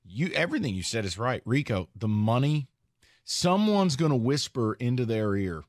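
A man's voice: medium pitch, big pitch swings, moderate pace, dry recording, studio quality. A man co-hosting a sports talk show, blunt and emphatic, teasing the others as he debates.

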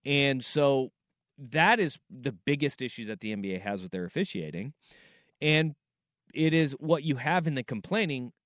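A man's voice: mid-range voice, expressive, fairly bright tone, no room sound. A man hosting sports talk radio in a studio, opinionated and emphatic. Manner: emphatic, opinionated, quick to agree. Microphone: studio microphone.

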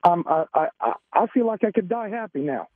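Emotional caller on a tinny phone. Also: male voice, high voice, big pitch swings, a little fast, over a noisy crowd. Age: 40s. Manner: emotional, rambling, stammering. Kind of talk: excited call-in chat. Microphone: telephone.

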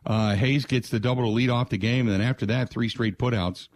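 Speaking a little fast in a steady, mid-range voice, a man hosting a sports radio show delivers a casual monologue on last night's game. Expect plenty of "uh" fillers and a string of rattled-off stats.

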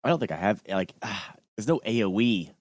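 A player in a tabletop game who gets excitable and frantic and stammers when flustered. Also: mid-range voice, moderate pace, dry recording.

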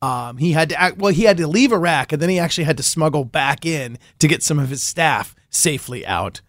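With a fairly high, animated, slightly bright voice, a man speaks fairly quickly in clean studio sound without echo. He's a podcast host and reporter guesting on a radio show, telling a story with enthusiasm and frequent laughter.

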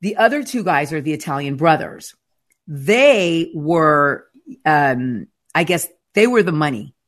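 A woman's voice: sits low, animated, a little slow. A woman, the guest in an interview, retelling her experiences in an emphatic, dramatic conversational way, with frequent restarts. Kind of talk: conversational storytelling.

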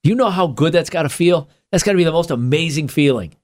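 Profane, animated male podcast storyteller. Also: fairly high pitch, quick pace. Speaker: podcast co-host. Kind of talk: casual comedic podcast chat.

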